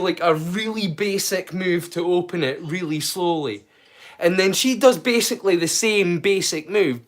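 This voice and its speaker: A man's voice: sits high, fairly bright tone. A Scottish man hosting a live stream, chatting casually and ramblingly with viewers and swearing now and then. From Scotland. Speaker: live-stream storyteller host.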